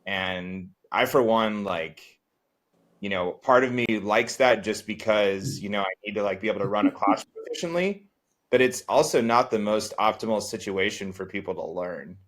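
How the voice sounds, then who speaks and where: A man's voice: lowish voice, moderate pace, a bit bright. A man who teaches, talking in a casual group discussion, rambling with many filler words.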